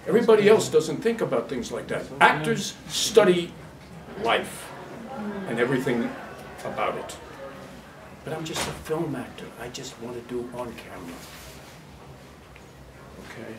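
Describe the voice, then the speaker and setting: A man's voice: medium pitch, expressive, normal speed, crowd noise. A man leading an acting workshop for a class, blunt and demonstrative, laughing often as he talks. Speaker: acting teacher. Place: workshop room with a live class. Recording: echoey room, mic far off.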